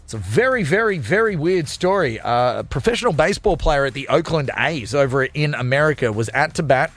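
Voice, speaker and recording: Aussie radio guy, jokey and hyped, high bouncy voice, bit of music under it. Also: expressive, brisk. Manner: jokey, self-mocking, hyped. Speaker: radio host. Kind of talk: upbeat radio show patter.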